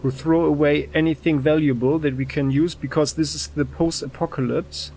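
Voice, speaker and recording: Male gaming host, relaxed commentary, reads game text, slightly high pitch, faint hiss. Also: moderate pace. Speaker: let's play host. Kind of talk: casual gameplay commentary.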